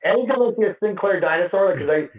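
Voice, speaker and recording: A man's voice: high voice, rapid-fire, recorded from a distance. A man co-hosting a podcast, swearing and laughing through a casual story. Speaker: podcast co-host. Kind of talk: casual chat. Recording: muffled roomy sound from off-mic.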